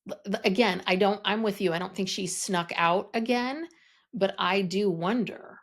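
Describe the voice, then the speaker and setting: A woman's voice: medium pitch, moderate pace. A woman co-hosting a podcast in casual chat, rambling and hesitant with many restarts. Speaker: podcast co-host.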